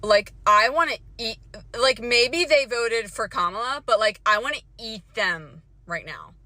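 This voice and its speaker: Casting: woman, feral joking rant, animated bright voice, slow delivery. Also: fairly high pitch, dry recording. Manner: wild, threatening, laughing. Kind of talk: social media rant.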